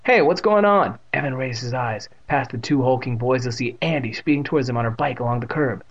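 A man's voice: mid-range voice, fairly even intonation, fast talker, muffled recording. Man reading a horror story aloud. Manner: irreverent, swearing asides. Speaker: reader. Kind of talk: reading a children's horror book aloud with comic asides.

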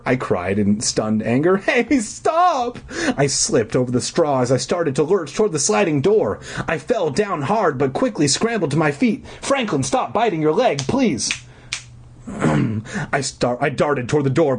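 A man's voice: mid-range voice, husky. A man reading a horror book aloud for laughs, breaking off into snarky, profane asides. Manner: snarky asides, swearing, mock drama. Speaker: comedic reader.

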